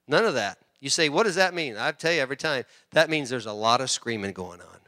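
A middle-aged man preaching a sermon as pastor, swinging between loud emphasis and quiet asides and often repeating words. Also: medium pitch, animated, fairly quick, no room sound, clean studio sound.

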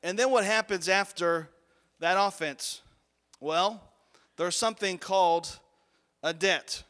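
A man preaching a sermon, telling a personal story in an animated way with sudden swings in volume. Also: high-pitched, slow pace, smooth. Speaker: pastor. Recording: long hall reverb.

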